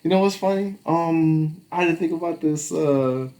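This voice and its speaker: A man's voice: fairly high pitch, normal speed, mellow. A man in casual podcast chat, talking loosely with lots of fillers and cursing, slipping into quoted voices. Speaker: podcast co-host.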